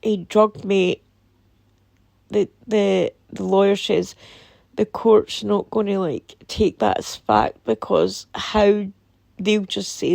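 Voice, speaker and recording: A Scottish woman telling a painful personal story in a halting, somber way, with many pauses and restarts. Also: mid-range voice, creaky, a little mellow, no room sound. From Scotland. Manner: somber and emotional. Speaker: vlogger. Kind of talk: personal testimony.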